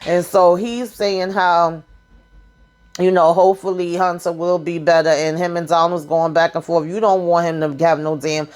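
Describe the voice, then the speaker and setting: Sassy, chatty woman with a lowish voice. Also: steady tone, a little mellow. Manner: sassy, chatty, talks straight to viewers; colloquial, drawn-out asides with frequent fillers. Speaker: TV show recap host. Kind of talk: casual episode recap chat.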